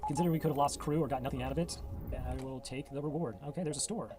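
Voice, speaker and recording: A man giving casual commentary on his own game run, thinking aloud, reading game text and counting out loud. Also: medium pitch, very fast, music in the background. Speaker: gamer playing and narrating his old run.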